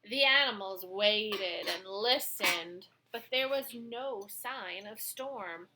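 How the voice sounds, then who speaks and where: A woman reading a children's picture book aloud with expressive storytelling. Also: medium pitch, slow, heavy background noise.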